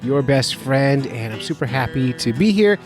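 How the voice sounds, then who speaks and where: Music runs under this man's medium-pitched, expressive voice as he talks at normal speed. He's a fishing guide hosting his own podcast from his home basement, delivering a casual monologue that's upbeat, jokey and self-mocking.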